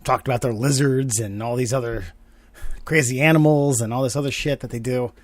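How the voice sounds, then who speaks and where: A man's voice: mid-range voice, fairly even intonation, a little fast, no room sound. A man co-hosting a podcast, joking around in loose, casual chat. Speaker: podcast co-host.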